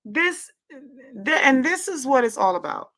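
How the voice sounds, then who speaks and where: A woman's voice: high voice, big pitch swings, unhurried, a bit bright. A woman hosting a casual livestream, gushing and effusive as she reads out the chat. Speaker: show host.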